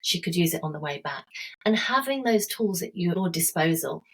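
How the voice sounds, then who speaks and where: A woman's voice: lowish voice, lively intonation, moderate pace, husky, poor audio. A woman, a health coach guest, talking earnestly and telling stories with everyday examples in a conversational interview.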